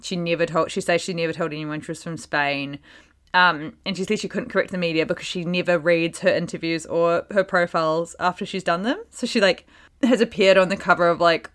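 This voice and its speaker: A giggly woman with a slightly low voice co-hosts a gossip podcast. She recaps the story with amused disbelief. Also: fairly even intonation, brisk, fairly bright tone. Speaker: podcast co-host. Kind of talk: casual gossip chat.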